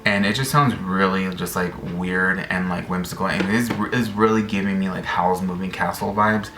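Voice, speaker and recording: A low-voiced man rambles happily through a list of upcoming books, full of "like" and restarts. His voice carries a roomy echo over a faint hiss. It sounds like a casual home vlog. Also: steady tone, moderate pace. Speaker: book vlogger. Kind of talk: casual book chat to camera. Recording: echoey room, faint background noise.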